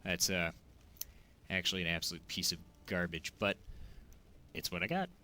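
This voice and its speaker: A man giving excitable gameplay commentary, exclaiming and joking as he plays. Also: sits low, normal speed. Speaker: gaming video creator.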